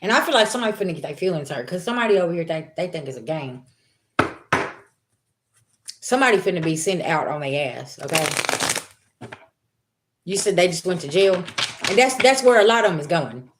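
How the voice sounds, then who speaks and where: A woman's voice: lowish voice, expressive, a little fast, long pauses, background noise. A woman giving a blunt, profane spiritual reading to her viewers in casual talk. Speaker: spiritual reader.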